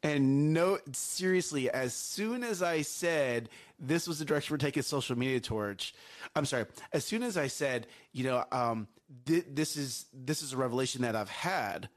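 A man co-hosting a morning talk show, chatting casually in an animated way, often repeating himself and laughing. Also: medium pitch, moderate pace. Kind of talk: casual chat.

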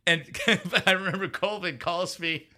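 A man as an interview guest, telling a story in an animated way, laughing often and acting out what other people said. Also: high voice, measured pace. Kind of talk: storytelling anecdote in a conversational interview.

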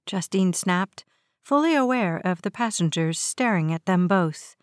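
A woman's voice: medium pitch, a little slow, no echo, studio quality. Woman reading a story aloud. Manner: steady, even storytelling. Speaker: narrator. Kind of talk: audiobook narration.

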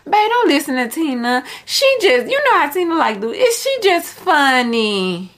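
A woman voicing a picky, dismissive girlfriend in a hushed, half-whispered voice. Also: high voice, big pitch swings, moderate pace, pitched above the performer's own voice. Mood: coaxing.

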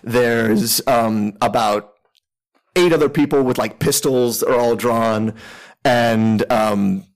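A man's voice: mid-range voice, steady tone, takes it slowly, low-quality recording. A man narrating a tabletop role-playing game as game master, with many fillers and restarts.

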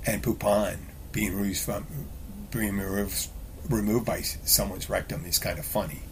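A man's voice: on the low side, fairly even intonation, normal speed, a little hiss or hum. A man hosting a talk show, telling bar stories in a blunt, rambling, profane way with lots of restarts. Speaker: podcast host. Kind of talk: casual solo monologue.

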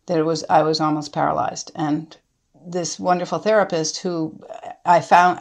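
A middle-aged woman, interviewed as a guest, reflects thoughtfully, often pausing and starting her sentences over. Her voice sits on the low side and has vocal fry.

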